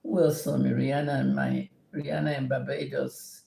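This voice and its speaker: A woman's voice: extremely low pitch, little pitch movement, moderate pace, gravelly, dark tone. A middle-aged woman rants on her livestream, lecturing and cursing at commenters. Her delivery is blunt, scolding and combative as she answers viewers. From Nigeria. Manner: combative, scolding, heavily profane. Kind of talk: livestream rant and Q&A.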